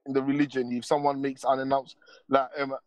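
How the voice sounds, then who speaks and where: A man's voice: mid-range voice, flat delivery, brisk. A man ranting casually on a stream panel, rambling and full of street slang and repeated tags. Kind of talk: casual heated rant.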